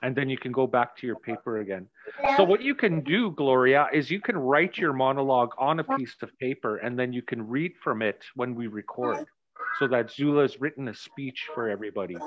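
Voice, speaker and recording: A man's voice: mid-range voice, lively intonation, fairly quick, noisy background. A man coaching actors during a rehearsal, talking things through reflectively and telling stories from his own stage work. His voice comes through a dull, muffled video call. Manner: reflective, storytelling explanations. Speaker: director and acting coach.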